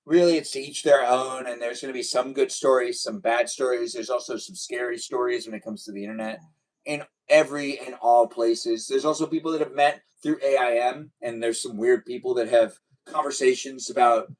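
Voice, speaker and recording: A man chatting as the host of a casual livestream, middle-pitched and loose. He rambles with plenty of likes and restarts and sounds tired. His voice sits a little back from the mic. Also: fairly even intonation, a little fast, recorded from a distance, rough recording. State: tired, yawning.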